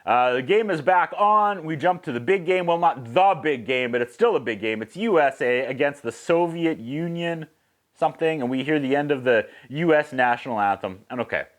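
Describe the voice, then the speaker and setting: A man retelling a film scene by scene in a loose, casual way. His voice sits a little high and swings all over as he acts out the action. He mimics whistles and quotes lines with gusto. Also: animated, moderate pace. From Canada. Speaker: movie reviewer. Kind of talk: casual movie recap.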